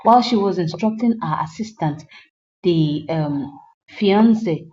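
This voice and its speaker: A woman narrates a film's plot in a storytelling recap and pauses to lecture her viewers earnestly. Her voice is warm and mellow. The recording sounds dull and lo-fi. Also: on the low side. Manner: earnest, moralizing asides to viewers. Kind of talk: storytelling film recap with commentary.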